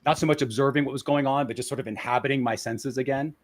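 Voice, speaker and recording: A man's voice: mid-range voice, steady tone, fast talker, background noise. A man as a podcast guest, speaking candidly and reflectively, often restarting and repeating words as he searches for the right phrasing. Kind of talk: candid interview conversation.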